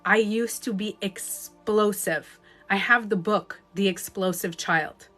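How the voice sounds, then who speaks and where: A Canadian woman coaching in a casual livestream talk, swinging into sudden loud outbursts. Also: mid-range voice, unhurried, soft background music. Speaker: life coach. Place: at home, streaming live. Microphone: phone.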